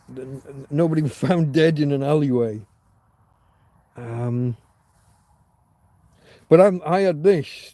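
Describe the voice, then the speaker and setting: In a warm, fairly high-pitched voice on a dry recording, this livestream host chats casually. He tells a long, candid story full of restarts and filler words, swearing now and then.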